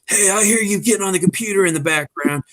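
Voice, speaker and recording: A man's voice: high-pitched, fast, fairly bright tone, pitched above the performer's own voice. A man voicing a male rock star on the phone who teases a caller with a quiz. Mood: mock-official.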